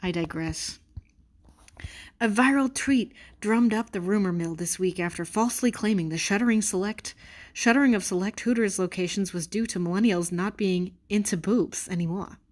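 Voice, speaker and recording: A woman vlogger reading a news article aloud with sarcastic, exasperated commentary, swearing freely and slowing down to stress words she mocks. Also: medium pitch.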